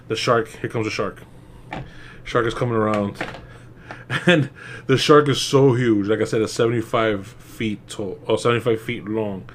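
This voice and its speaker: A man's voice: medium pitch, a little hiss or hum. A young man casually reviewing a movie, rambling with frequent laughs, swearing and mocking asides.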